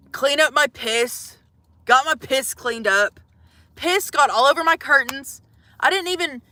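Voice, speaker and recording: A woman's voice: on the high side, sharp tone, dry recording. A young woman telling a comic, profane story to live viewers from inside a van, exasperated and swearing freely. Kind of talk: casual storytelling livestream.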